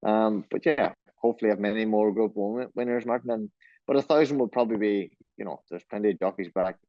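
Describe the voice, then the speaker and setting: A low-voiced man with an Irish accent from Donegal chats loosely and self-deprecatingly, restarting his sentences as he goes. The sound is dry and dull, like lo-fi call audio. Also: quick pace, dry recording. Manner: easygoing, rambling, self-deprecating, many restarts. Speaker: jockey. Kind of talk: remote interview, casual chat.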